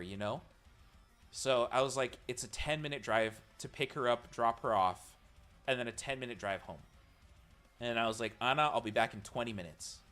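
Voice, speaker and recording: Animated young male streamer telling a story. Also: mid-range voice. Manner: animated, swearing, swings into loud mock panic. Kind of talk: storytelling to a live chat while gaming.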